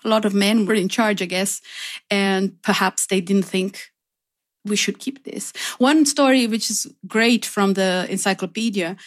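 A woman's voice: medium pitch, measured pace. A woman, a radio interview guest, telling stories. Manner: emotional, animated storytelling.

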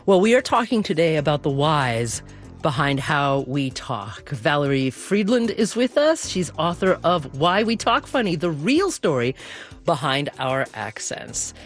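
A woman's voice: low voice, measured pace, soft background music. A woman radio host leading an interview and asking questions. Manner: lively, animated questioning.

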